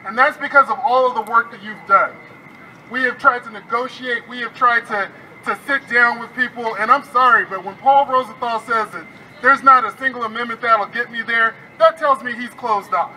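Very bright, high-voiced man rallying. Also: normal speed, a little hiss or hum, rough recording. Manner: fiery, repetitive, rousing. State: frustrated. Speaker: state legislator. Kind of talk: rally speech. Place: outdoors at a rally.

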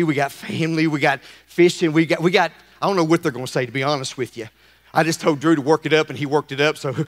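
A man preaching a lively sermon as pastor, playful and calling out to his congregation. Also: a little high. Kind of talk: lively sermon with a live demonstration.

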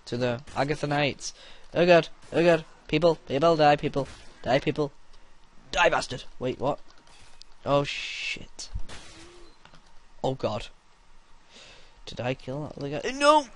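A young man commenting crudely on his own gameplay and shouting battle cries. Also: on the high side, measured pace, long pauses.

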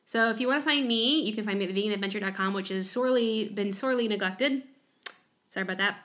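A woman's voice: mid-range voice, fast, fairly bright tone. A woman co-hosting a casual podcast, rambling and self-deprecating with frequent giggles. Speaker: podcast co-host. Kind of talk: casual chat.

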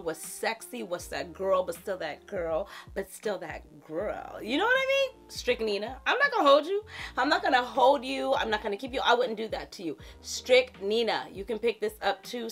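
Woman, thirties, beauty vlogger, animated, sassy, fairly low voice. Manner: animated, sassy, talks to viewers as girlfriends. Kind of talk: casual chatty product talk.

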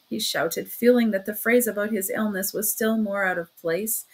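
A woman's voice: mid-range voice, moderate pace, few pauses, breathy edge. A woman reading a classic novel aloud as an audiobook narrator, steadily, with the odd self-correction.

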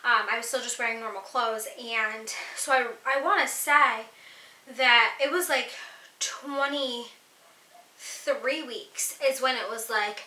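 A woman's voice: fairly high pitch, takes it slowly, pushed and bright, echoey room, poor audio. A young woman in her twenties chatting casually through a pregnancy Q&A vlog, giggly and full of fillers. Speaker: vlogger.

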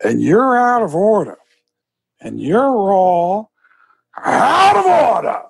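A man doing an impression of a famous actor as an indignant middle-aged man, yelling in a theatrical outburst. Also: high voice, big pitch swings, slow pace, vocal fry, slightly rough, voice pushed up, full character voice. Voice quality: forceful, rising to a shout.

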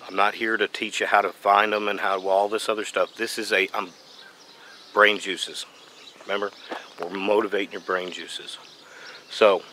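A man giving a folksy, animated how-to explanation as a beekeeping vlogger, outdoors. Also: fairly low pitch, slight background noise. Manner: folksy, animated, playful asides. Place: outdoors by a tree and truck.

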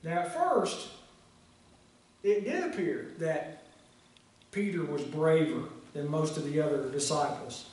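Slow-spoken pastor in an echoey church. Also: male voice, fairly high pitch, lively intonation, a little mellow. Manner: slow, measured reading with pauses. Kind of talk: sermon with scripture reading. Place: church sanctuary. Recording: echoey sanctuary, mic set far off.

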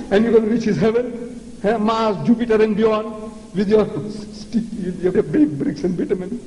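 Older male orator from South Africa, sarcastic and theatrical, high warm voice, echoey hall. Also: fairly even intonation, normal speed. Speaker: lecturer. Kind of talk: public religious lecture. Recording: echoey lecture hall with faint noise.

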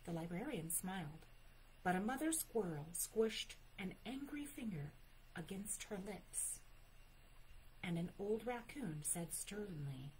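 A woman working as a librarian, reading a picture book aloud at story time in an expressive, unhurried way, adding chatty asides. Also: medium pitch, slight background noise, low-quality recording.

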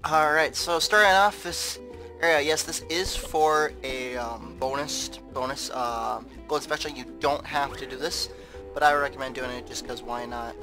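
A man's voice: mid-range voice, steady tone, normal speed, over music, low-quality recording. A man giving casual, rambling commentary over a game playthrough, often repeating words. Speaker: gameplay commentator. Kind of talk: casual let's play commentary.

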